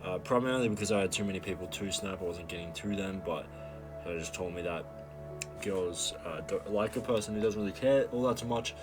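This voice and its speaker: Brief: young male vlogger, low voice, loose profane storytelling, music bed clearly audible. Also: brisk. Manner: rambling, profane, mock stammering. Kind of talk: casual storytelling monologue. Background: background music.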